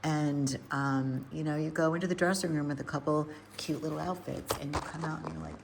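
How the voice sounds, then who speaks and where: A woman with a very low, gravelly voice rambles chattily to her viewers while tending plants indoors, talking through each step. Steady noise hums underneath her voice throughout. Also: a little fast. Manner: chatty, rambling, thinks aloud while working. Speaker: hydroponic gardener and nutrition coach. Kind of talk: casual live chat to viewers. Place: indoor grow room.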